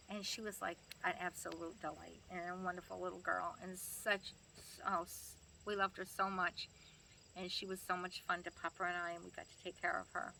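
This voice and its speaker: A woman's voice: fairly low pitch, level tone, brisk, creaky, pushed and bright, slight background noise. An older woman, a grandmother, telling family stories in a chatty way, laughing and acting out the people she quotes. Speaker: grandmother being interviewed. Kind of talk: family storytelling interview.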